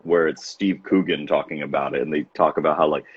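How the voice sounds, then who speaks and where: A man's voice: rumbling low, steady tone, fairly quick, breathy edge, no room sound. A man co-hosting a podcast in casual chat, rambling with restarts and laughing often. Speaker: podcast co-host. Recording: dull lo-fi sound.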